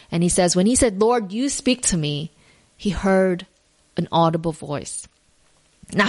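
A woman hosting a devotional podcast, telling a story in an earnest, reflective way with frequent fillers and restarts. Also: medium pitch. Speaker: podcast host.

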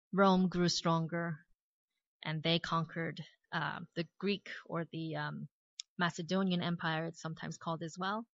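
An Australian woman preaching a sermon, retelling a Bible story with lively storytelling and casual asides. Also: on the low side, no room sound. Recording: dry, slightly dull recording.

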